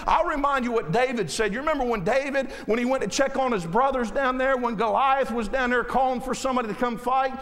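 A man in his thirties preaching a sermon, impassioned and folksy, often rising to shouts as he speaks straight to the congregation. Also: very high-pitched, fast talker, few pauses, in a large hall. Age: 30s. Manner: folksy, addresses the congregation directly.

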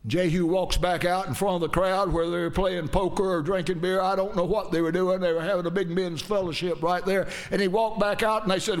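Male preacher with a high voice, folksy storyteller who keeps checking in with the congregation. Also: steady tone, fairly quick, few pauses. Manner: folksy, dramatic retelling with asides to the audience. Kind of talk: storytelling sermon.

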